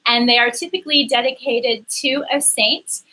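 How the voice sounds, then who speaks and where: On a rough recording, a woman's voice on the high side comes through with a sharp tone, fairly even intonation and normal speed. She coaches spiritual topics in a livestream chat, speaking casually and earnestly with frequent ums and restarts as she grows emotional.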